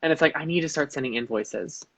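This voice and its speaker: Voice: mid-range voice, fast talker, fairly bright tone, a little hiss or hum, low-quality recording. A podcast guest chatting casually and telling anecdotes, full of "like" and "um", acting out the people they quote.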